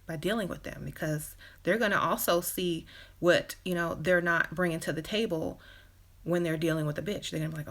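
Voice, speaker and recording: A relationship advice host speaks a little fast in a fairly low-pitched voice. Chatting casually on her live stream, she keeps dropping "you know," laughs in short bursts, and acts out quoted lines using other voices.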